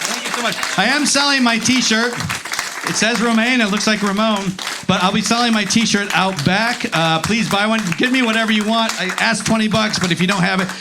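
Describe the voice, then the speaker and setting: A male stand-up comic with a high, gravelly voice, performing live on a club stage into a handheld mic. He tells his story in an animated way, swears often, and slips into voices for the people in his story. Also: fairly quick, a crowd in the background, background noise. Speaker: stand-up comedian. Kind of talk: stand-up set.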